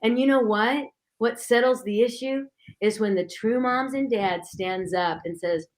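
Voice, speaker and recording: A middle-aged woman speaking as a guest on a Christian talk show, telling stories in an animated way and acting out the voices she quotes. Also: mid-range voice, measured pace.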